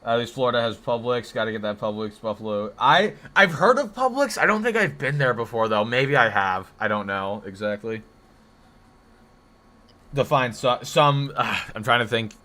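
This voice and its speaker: A man from the northeastern United States chats casually on a live stream. His voice is bright and forward, and he rambles and corrects himself as he reacts to chat messages. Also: medium pitch, lively intonation, moderate pace.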